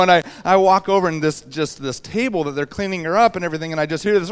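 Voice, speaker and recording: Animated storytelling preacher, smooth voice. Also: male voice, a little high, fast, hardly any pauses. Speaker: pastor. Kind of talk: sermon with personal story.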